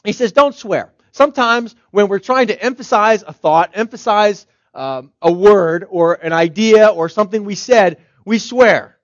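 High-voiced male pastor preaching conversationally. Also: a little slow, hardly any pauses, no room sound. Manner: conversational preaching, strings of rhetorical questions. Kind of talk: sermon. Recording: slightly dull, dry recording.

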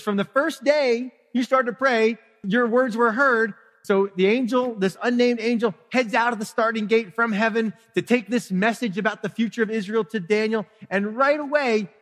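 A middle-aged man preaching a conversational, animated sermon, now and then acting out prayers. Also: high-pitched. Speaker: pastor. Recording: live-streamed hall with long reverb.

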